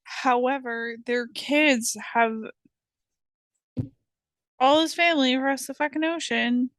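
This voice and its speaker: Young woman co-host, plain-spoken and blunt, a touch higher voice, dry mic. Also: fairly even intonation, takes it slowly, a bit bright, dry recording. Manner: blunt, swears casually. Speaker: podcast co-host. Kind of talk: casual chat.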